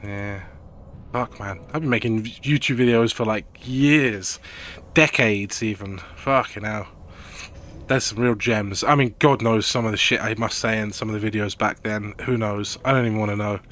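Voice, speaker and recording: A man's voice: fairly low pitch, steady tone, moderate pace, a bit bright, slight background noise. A young man streaming a video game, chatting casually in a rambling, sweary, laid-back way. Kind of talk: casual gaming stream chat.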